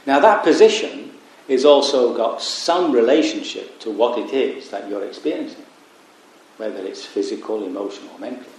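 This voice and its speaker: Male meditation teacher, mid-pitched, calm dharma talk, very echoey hall. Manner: reflective, pausing, wry asides. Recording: very echoey room.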